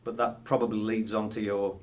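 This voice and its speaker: A man's voice: on the low side, little pitch movement, a little fast, a little mellow. A British man in his sixties with a British accent, answering interview questions in a hesitant, chuckling way full of ums. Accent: British English. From Britain. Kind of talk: casual interview.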